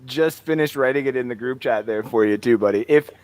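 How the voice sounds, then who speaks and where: A man's voice: medium pitch, a little fast, a little mellow. A man from Canada on a sports fan panel, talking eagerly about draft picks. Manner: enthusiastic draft talk. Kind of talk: casual panel banter.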